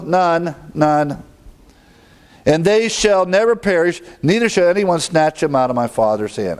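A man delivering a sermon that teaches Bible verses point by point, speaking with lively, rising emphasis on key words. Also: medium pitch. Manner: explains Bible text verse by verse. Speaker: preacher.

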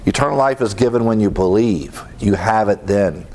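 A man's voice: lowish voice, normal speed, a little mellow. A middle-aged man teaching a class in sermon style, earnest and emphatic, repeating his key phrases.

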